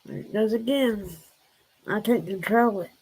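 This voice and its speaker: A woman's voice: medium pitch, unhurried, darkish tone, slightly rough. A woman chatting casually on a live stream, rambling and answering her viewers' comments.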